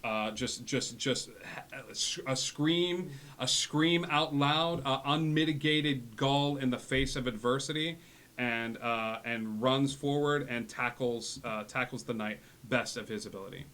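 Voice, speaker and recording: A man running a tabletop game as game master, narrating in a halting way with many restarts. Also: medium pitch, sharp tone.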